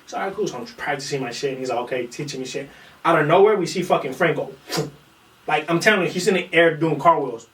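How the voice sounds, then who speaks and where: On a casual podcast, a jiu-jitsu practitioner spins a long, animated story, cursing freely and acting out what others said. His voice is a little high and quick, recorded far from the mic in a small podcast room with roomy echo.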